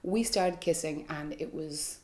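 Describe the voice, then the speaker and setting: A woman's voice: sits low, a little slow, mellow. A young woman vlogger telling a personal story to camera, candid and frank, with lots of "like" and "you know". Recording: echoey room.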